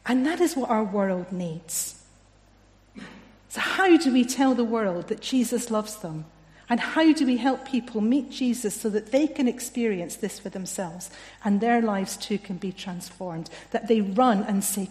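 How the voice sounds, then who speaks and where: A woman preaching a sermon in a gentle, reflective way, often dropping softly in volume. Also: medium pitch, measured pace. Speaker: family and children's worker preaching. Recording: long echo of a hall.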